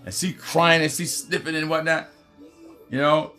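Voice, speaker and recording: A man's voice: fairly high pitch, steady tone, moderate pace, sharp tone, soft background music. A man from the United States hosting a heated political commentary rant, swearing often and repeating "you know what I mean". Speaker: commentary host.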